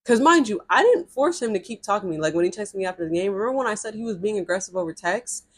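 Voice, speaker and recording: A young woman in her twenties telling a personal story in casual storytime chat, animated and full of "like". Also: mid-range voice, quick pace. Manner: animated, chatty, lots of filler "like". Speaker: vlogger.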